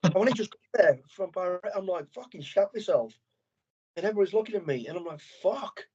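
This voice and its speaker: The man speaks fast in a high, slightly rough voice, and the recording is muffled. He's a middle-aged former soldier from England, a podcast guest in a casual interview, telling lively stories with blunt talk and lots of swearing.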